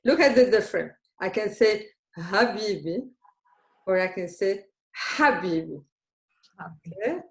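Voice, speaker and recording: A woman's voice: mid-range voice, lively intonation, normal speed. A woman from Lebanon, teaching a beginner Arabic lesson and checking in patiently with her learners. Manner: patient and encouraging, checks in with "okay?" constantly. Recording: roomy room with faint noise.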